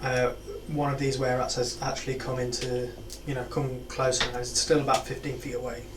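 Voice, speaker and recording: A man running a tabletop game as game master, giving relaxed, matter-of-fact rulings. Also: medium pitch, fairly quick. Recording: roomy, distant mic, noisy.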